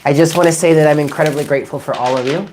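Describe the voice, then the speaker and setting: A woman with an unusually deep, low voice hosts a live tarot stream. She chats with viewers, reads their names from the chat and moves into spoken prayers and affirmations. Her tone stays affectionate and conversational throughout. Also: racing, very noisy. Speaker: tarot reader.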